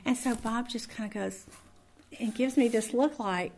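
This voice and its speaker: A woman's voice: on the high side, normal speed, darkish tone, slight background noise. A middle-aged woman leads a Bible study in a chatty, conversational way, telling stories with lots of fillers and restarts.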